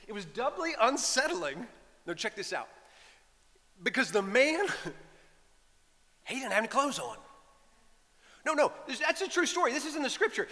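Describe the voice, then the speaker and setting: A man, a priest preaching a sermon, telling the story in a lively way and talking straight to the congregation. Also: very high-pitched. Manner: animated storytelling with asides to the congregation. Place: church. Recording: long church reverb.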